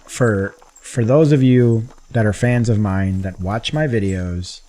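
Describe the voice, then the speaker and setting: A man casually talking through his gameplay as a gaming channel host, chatty and rambling, getting excited at times. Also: fairly low pitch, takes it slowly.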